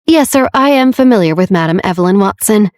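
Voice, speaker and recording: A woman's voice: mid-range voice, lively intonation, brisk, darkish tone, dry recording, lightly acted. A woman voicing a vile, vindictive male manor doorman who sneers at visitors, read in a dry, close audiobook voice. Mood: nervous. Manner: sneering, leering, then cowed.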